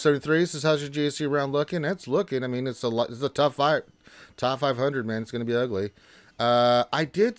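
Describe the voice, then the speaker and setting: Chatty man hosting a dry-sounding stream. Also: no echo. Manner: loose and chatty, with restarts and jumps up in pitch when greeting viewers. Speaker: live-stream host reading chat. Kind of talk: casual gaming stream chat.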